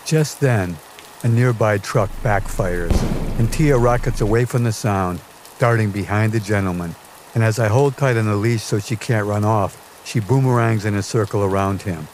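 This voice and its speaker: A man's voice: lowish voice, moderate pace, darkish tone, a little hiss or hum. A man narrating a scripted personal memoir in a dry, wry storytelling manner. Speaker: podcast narrator.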